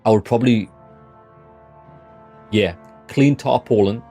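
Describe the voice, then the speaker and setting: A man's voice: lowish voice, slow pace, dark tone, faint music behind. A young British man chatting casually and bluntly with his live chat while streaming a game, rambling and swearing freely. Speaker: gaming livestreamer.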